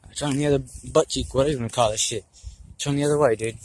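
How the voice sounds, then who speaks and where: A man's voice: medium pitch, steady tone, very fast, darkish tone, rough recording. A nineteen-year-old man talking in a casual vlog, rambling and frustrated, swearing a lot as he goes. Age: young adult. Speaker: vlogger.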